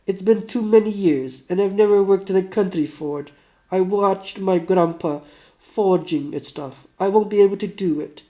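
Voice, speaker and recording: A man voicing a bitter, sickly male metalworker under forty in a put-on Russian accent, loud and snappish. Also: high-pitched, moderate pace, pitched above the performer's own voice, close to an everyday voice. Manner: snappish, raised, belligerent.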